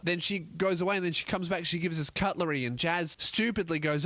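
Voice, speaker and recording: A man's voice: fairly high pitch, fast talker, hardly any pauses, a bit bright, no echo. Sweary, exasperated man telling a story. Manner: sweary, exasperated, acts out other people's lines. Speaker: comedian host. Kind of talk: comedic storytelling rant. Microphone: podcast microphone.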